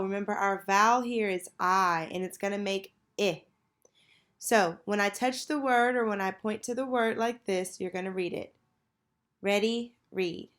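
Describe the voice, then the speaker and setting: A woman teacher leading a children's phonics lesson, patiently prompting and pausing for answers. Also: mid-range voice, fairly bright tone. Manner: slow, patient, call-and-response prompting.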